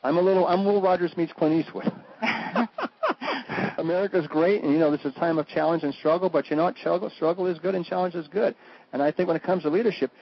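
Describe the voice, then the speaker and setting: Husky, theatrical man, radio guest; slightly high, dry lo-fi radio sound. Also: steady tone, fast talker, dry recording. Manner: flamboyant, jokey, swoops into high mock voices. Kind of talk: animated talk-radio chat. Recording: dull lo-fi radio audio.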